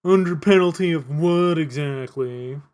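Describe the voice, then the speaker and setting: A man voicing a wary, sarcastic male police inspector with a slow, drawling delivery. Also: on the high side, darkish tone, lightly acted.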